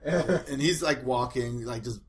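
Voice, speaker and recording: A man narrating as game master of a tabletop role-playing game, talking loosely and breaking into shouted character voices. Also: medium pitch, unhurried, a crowd in the background. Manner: animated, puts on shouted voices for villagers.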